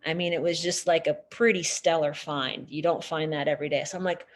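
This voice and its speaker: A woman teaching a nature class through a lively story. Her talk is chatty and animated, full of casual fillers. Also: on the low side, brisk, hardly any pauses. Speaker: nature educator. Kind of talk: storytelling lecture.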